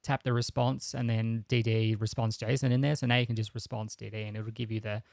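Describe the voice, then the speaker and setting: A man with a South Australian accent and a gravelly, creaky edge to his voice, recorded dry and close on a podcast mic. He runs through news in a relaxed, matter-of-fact way and slips in deadpan jokes. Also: on the low side, no echo. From Adelaide, Australia. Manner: relaxed, dry joking, brisk rundown of news items. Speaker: podcast co-host. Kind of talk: casual tech podcast chat.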